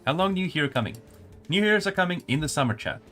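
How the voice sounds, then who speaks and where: A man's voice: fairly high pitch, lively intonation, fast, pushed and bright, soft background music. A man working as a community manager, casually chatting with viewers and commenting on a match during a live stream. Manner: casual, answers chat while spectating a match.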